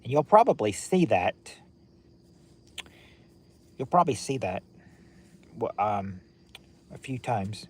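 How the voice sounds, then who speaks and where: A man's voice: lowish voice, very animated, slow pace, long pauses, a little mellow, a little hiss or hum. A man hosting a livestream, chatting casually and rambling with viewers at home at night. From United States. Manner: rambling, chatty, restarts often. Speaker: livestream host. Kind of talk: casual chat with live viewers. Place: at home indoors with lights on at night.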